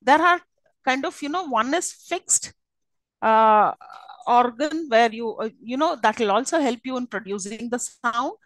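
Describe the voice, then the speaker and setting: A woman's voice: a little high, lively intonation, a little slow, fairly bright tone, no room sound, low-quality recording. Indian woman lecturing, fillers, dry sound. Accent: Indian English. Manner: hesitant, many fillers and checking questions. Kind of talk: university lecture on phonetics.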